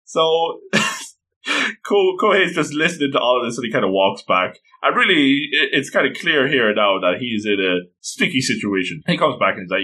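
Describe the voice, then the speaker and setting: A man casually retelling an anime episode, animated and slipping into quoted lines. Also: medium pitch, moderate pace. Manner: animated, quoting characters in passing. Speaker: anime recap commentator.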